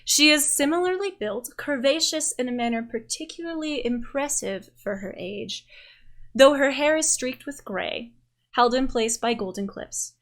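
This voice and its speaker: A woman's voice: sits high, moderate pace, fairly bright tone. A woman game master narrating a tabletop game in a descriptive, storytelling way.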